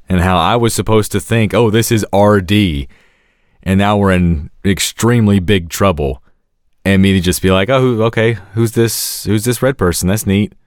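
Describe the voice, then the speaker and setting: Slow-talking deep-voiced man. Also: no echo, studio quality. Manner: slow, reflective, hesitant. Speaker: podcast co-host. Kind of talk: casual chat.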